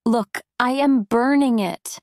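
A stern male judge with something to hide, read by a woman. The lines come slowly and plainly, in a somewhat high voice with a dry, close sound. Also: darkish tone, no room sound. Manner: slow, simple, careful reading.

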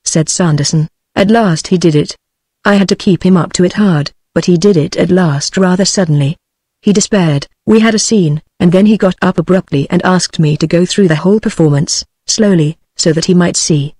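A text-to-speech woman's voice with a British English accent, reading a classic story aloud in an even synthetic delivery. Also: on the low side, brisk, breathy edge, dry recording. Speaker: narrator.

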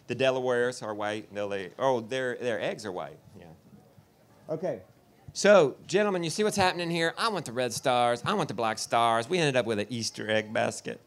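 Man, festival speaker, folksy and joking, works the crowd. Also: medium pitch. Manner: joking, folksy storyteller who talks to the crowd. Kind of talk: live talk to an audience. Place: festival tent.

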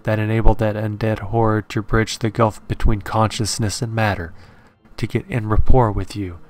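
A man voicing a grave male occult scholar who warns calmly and solemnly in a read-aloud horror story. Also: on the low side, moderate pace, faint music behind, lightly acted. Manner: calm, solemn warning.

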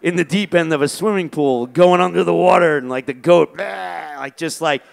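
Gravelly man telling a profane story. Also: fairly high pitch, a little fast. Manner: profane, chuckling. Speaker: musician telling a story on stage. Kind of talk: spoken-word storytelling.

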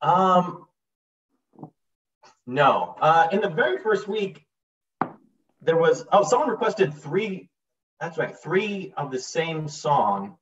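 A man from New Jersey hosting a casual chat, hesitant and quick to laugh, on a video call. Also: on the high side, big pitch swings, background noise. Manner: laughs easily, hesitant with ums. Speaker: host. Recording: distant, dull video-call audio.

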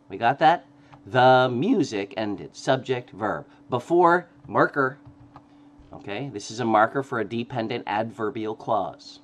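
A man's voice: mid-range voice, fairly bright tone. A man lecturing on grammar, explaining step by step, often checking in with "okay?" and correcting himself as he goes. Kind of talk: recorded classroom lecture.

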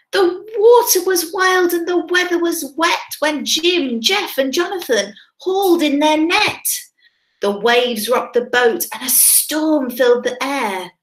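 A woman teacher reads a picture book aloud to young children, her bright, high voice swooping in a sing-song way as she pauses to quiz them. She takes her time, and the recording sounds roomy and echoey. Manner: sing-song, expressive, asks children questions. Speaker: primary school teacher. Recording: roomy echo.

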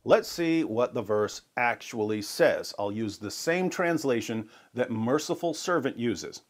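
A man narrating a scripted argument in a measured, explanatory way with a light sarcastic edge. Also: mid-range voice, animated. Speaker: narrator of a clip.

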